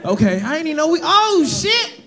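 A Southern man works the room as a stand-up comedian, brash and profane as he roasts people in the audience. His voice sits very high and swings wide. He's on a handheld mic on a club stage, with a loud crowd laughing and noisy around him. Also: very animated, fairly quick.

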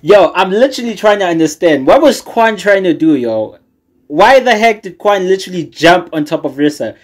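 A man's voice: high voice, big pitch swings, normal speed. A man hosting a reaction video, talking to viewers in a hyped, slangy way. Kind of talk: casual reaction commentary.

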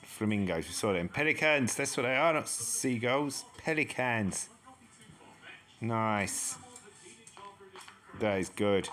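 A man's voice: on the low side, lively intonation, slow, long pauses, sharp tone, faint music behind. A man giving casual, chatty commentary as he explores a game map and exclaims at each new discovery. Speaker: gaming channel host. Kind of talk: casual let's-play commentary.

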